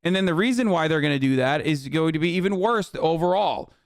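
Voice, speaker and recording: Man, streamer, angry profane rant, sarcastic, smooth resonant voice, dry close mic. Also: a little high, expressive, a little fast, no room sound. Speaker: streamer reacting to news. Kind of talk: angry political rant to chat.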